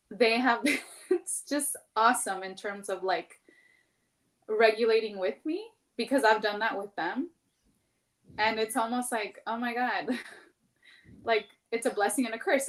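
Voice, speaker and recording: A woman's voice: medium pitch, a bit bright. A woman in her thirties in a casual podcast chat, talking candidly and at length, full of "like" and the odd swear word. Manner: candid, rambling, heavy use of "like", swears freely.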